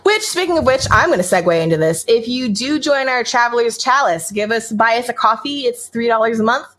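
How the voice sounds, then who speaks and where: American woman, podcast co-host, bubbly casual chat, animated pitch, slightly high voice. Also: fairly quick. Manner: bubbly, laughs often, rambling asides.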